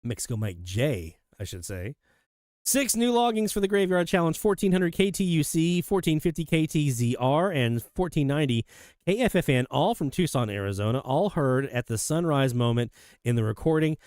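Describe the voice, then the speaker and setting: A man hosting a live radio hobby show, chatting casually and enthusiastically as he reads out listener shoutouts. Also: on the high side, sing-song, moderate pace, no echo, clean studio sound. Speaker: host of a radio hobby livestream.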